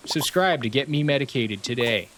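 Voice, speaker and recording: A man's voice: medium pitch, expressive, normal speed. Playful man on a noisy stream. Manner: playful, mock-serious banter. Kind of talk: casual live-stream chat with viewers.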